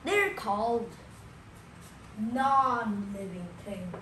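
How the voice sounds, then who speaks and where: Slow, patient woman teaching young kids. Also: medium pitch, fairly bright tone, a little hiss or hum. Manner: repeats key words slowly, asks the listener questions. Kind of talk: slow classroom explanation for young children. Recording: echoey room with faint ambience.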